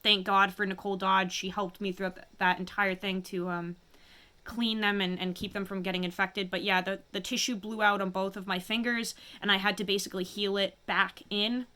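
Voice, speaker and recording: Bright, clear-voiced woman holding back tears. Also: mid-range voice, flat delivery. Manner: halting, emotional, many restarts and pauses. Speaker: vlogger. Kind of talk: personal confession to camera.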